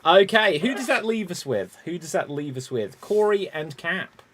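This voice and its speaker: A man's voice: high voice, expressive, moderate pace, fairly bright tone, slight background noise. A man hosting an improv comedy show, upbeat, explaining the games and calling on players.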